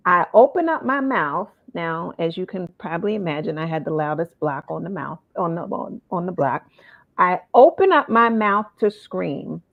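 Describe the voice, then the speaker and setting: A woman hosting an interview, telling a personal story in a lively way and acting out the voices of the people in it. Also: fairly low pitch, moderate pace, gravelly. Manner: animated, acts out quoted voices. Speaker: host. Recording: phone-like narrow sound.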